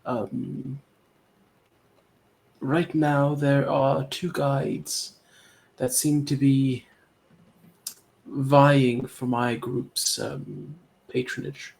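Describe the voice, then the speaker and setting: A man playing a tabletop game who speaks in character in a polite, formal, and measured way. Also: medium pitch, flat delivery, gravelly, a little mellow, low-quality recording. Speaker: player. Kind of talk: in-character role-play.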